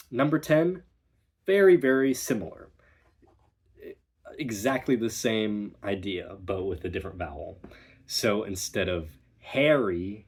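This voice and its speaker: American man, accent coach, slow and deliberate, breathy low voice, repeats example words. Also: animated. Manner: demonstrates words by repeating them. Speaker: dialect coach. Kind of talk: accent lesson.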